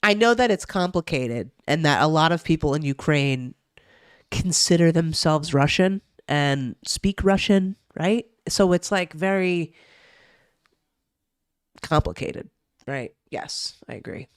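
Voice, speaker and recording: A woman's voice: deep voice, lively intonation, unhurried, clean tone, no echo, studio quality. A young woman from New Jersey chatting casually on a live stream, swearing freely and reacting to chat. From New Jersey, USA. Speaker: streamer reading the news.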